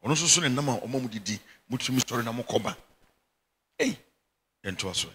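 A man's voice: mid-range voice, lively intonation, brisk, a bit bright, slightly rough. A middle-aged Ghanaian man preaching a sermon as bishop, emphatic and often breaking into laughter. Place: church chapel.

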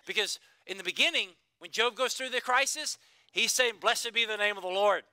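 A man preaching a sermon, building through emphatic repeated phrases and dropping at times to a hushed, quiet delivery. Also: sits high, moderate pace, clear, resonant tone, no room sound. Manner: preaching with emphatic repetition, swinging between loud and hushed. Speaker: pastor.

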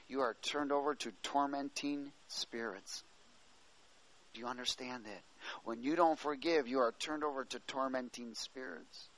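A man's voice: on the high side, a bit bright, rough recording. A male preacher giving a sermon, reading scripture aloud, explaining it, and calling out to the congregation for an "Amen.". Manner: calls out to the congregation, asking "Amen?".

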